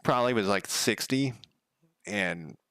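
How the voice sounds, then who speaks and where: A man's voice: fairly low pitch, unhurried, fairly bright tone, smooth, no echo. A man streaming as a game developer, chatting casually at home, rambling through stories, swearing now and then and chuckling often. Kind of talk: casual chat.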